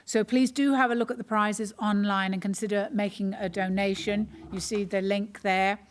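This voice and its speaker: A woman comedian hosting an online awards ceremony, telling self-mocking stories with dry humour before reading out nominees. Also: medium pitch. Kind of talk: stand-up anecdote and award hosting.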